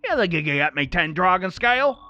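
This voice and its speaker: A man voicing a brash, hot-tempered male demon blacksmith in a put-on Australian accent, loud and excitable. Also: high voice, brisk, dull audio, faint music behind, pitched above the performer's own voice, heavily acted. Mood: gruff. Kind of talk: reading game dialogue aloud in character.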